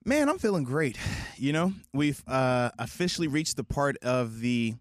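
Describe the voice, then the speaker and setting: A man co-hosting a sports radio show from a studio, relaxed, chuckling often and leaning on "you know". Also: mid-range voice, moderate pace, no echo. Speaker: sports radio co-host, former pro football player. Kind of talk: casual sports talk radio.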